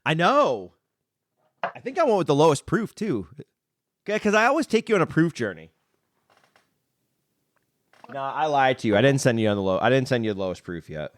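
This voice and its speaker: A man hosting a podcast in casual chat, enthusiastic and quick to laugh. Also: medium pitch, very animated, no room sound. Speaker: podcast host.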